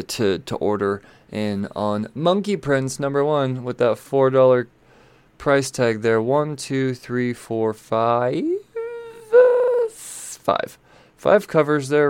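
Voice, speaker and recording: A man's voice: medium pitch, a little mellow, clear, resonant tone, dry recording. A man giving casual, rambling commentary on comic books, blunt and swearing freely, often trailing off mid-thought. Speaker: comic book reviewer.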